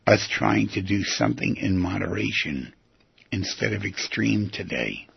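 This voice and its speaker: A man playing a calm, reasonable inner "computer" self who coaxes and bargains, recorded on a dull lo-fi track. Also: fairly low pitch, unhurried, vocal fry, slightly rough, no room sound, exaggerated voice. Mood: coaxing. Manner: reasonable, coaxing. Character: patient, coaxing rational "computer" self, male.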